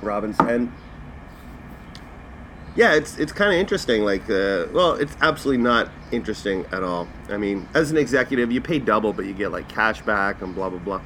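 A man's voice: on the low side, expressive, fairly quick, a bit bright, slight background noise. Profane ranting male podcast host. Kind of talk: casual comedic podcast rant.

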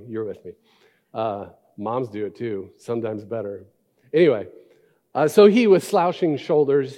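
A male pastor in his thirties preaching a sermon, reading scripture slowly and telling family stories. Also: medium pitch. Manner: reads scripture slowly, then tells a lively family story. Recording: long reverb of a large hall.

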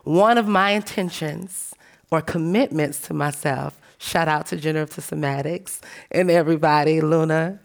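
A woman speaking on a panel, telling animated, emphatic stories in a frank, profane way and calling her listeners "baby". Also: deep voice, normal speed, creaky. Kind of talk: panel discussion talk.

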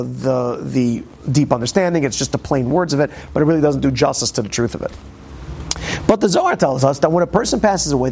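Gravelly man teaching Torah. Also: on the high side. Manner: animated, many restarts and asides. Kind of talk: informal Torah class.

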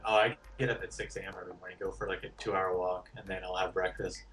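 A man's voice: low voice, flat delivery, quick pace, fairly bright tone, distant mic. A man talking as a guest on a podcast in casual chat, candid and rambling, with many "like" fillers.

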